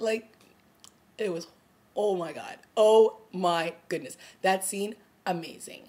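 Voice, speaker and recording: In her casual vlog review of a TV episode, a young woman is lively and talkative, laughing a lot and acting out lines from scenes. She has a medium pitch and speaks a little slowly.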